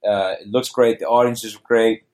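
A man co-hosting a comedy podcast in casual chat, laid-back and quick to laugh. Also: fairly low pitch, steady tone, darkish tone. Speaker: podcast co-host.

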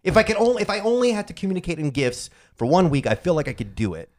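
A man's voice: high-pitched, big pitch swings, fast talker. A man in his thirties hosting a casual podcast chat. He rambles, trails off into mumbles and pokes fun at himself. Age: 30s. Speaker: podcast host.

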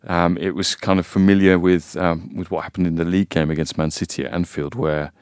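A man's voice: low-pitched, flat delivery, fairly quick, a little mellow, clear, resonant tone, no echo, studio quality. A man discussing a football match in a casual podcast chat, thoughtful and hesitant, with frequent fillers. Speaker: football pundit.

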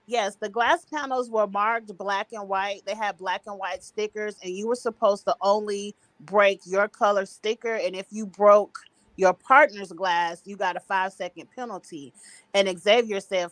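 A woman's voice: mid-range voice, steady tone, moderate pace, fairly bright tone, no echo. A woman hosting a casual recap chat over a video call, opinionated and blunt. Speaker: host.

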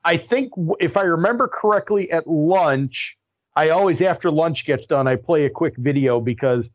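Man, casual podcast chat, excitable restarts, somewhat high voice, dry close sound. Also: moderate pace, dry recording, muffled recording. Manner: animated, stammering restarts, exasperated emphasis. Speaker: podcast co-host.

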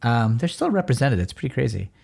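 A man in easy, casual conversation, talking through a comic with a co-host. He chats in a relaxed way and sometimes slips into playful voices for the characters' lines. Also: mid-range voice, quick pace, gravelly, breathy edge. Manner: relaxed, chatty, reads comic dialogue aloud in playful voices. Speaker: podcast co-host. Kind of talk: casual comic book discussion.

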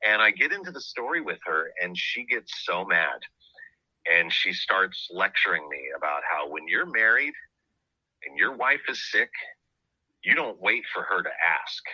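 A man with a low, husky voice and a sharp, bright edge tells an earnest personal story as a podcast host. The recording is dry and close. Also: expressive, measured pace, no echo, highs cut off. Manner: earnest, reflective.

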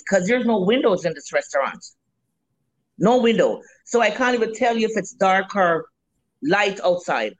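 A Jamaican woman in her fifties talks shop as a restaurant owner, recorded dry and close. She is a lively, blunt storyteller who swears freely and keeps a middling pitch. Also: normal speed, no room sound, rough recording. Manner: lively storyteller, blunt and salty, acts out what people said. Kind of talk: casual interview chat.

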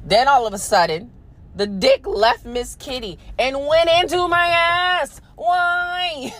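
A woman's voice: high-pitched, slow. A woman hosting a podcast, telling a story in a blunt, profane, casual way and talking straight to her listeners. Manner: blunt, profane, animated, with frequent laughs; addresses listeners directly as "y'all". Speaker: podcast host.

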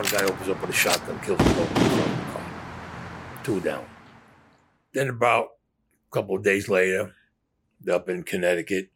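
Profane low-voiced man. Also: noisy background. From New York. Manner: blunt, profane, acts out dialogue. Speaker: former mobster interviewee. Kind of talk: storytelling interview.

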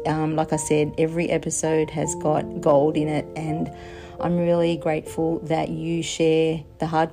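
A woman's voice: sits low, vocal fry. A woman from Australia, leaving a sincere voicemail for a podcast host. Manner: measured, sincere, with pauses and ums. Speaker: voicemail caller. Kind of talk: phone voicemail message.

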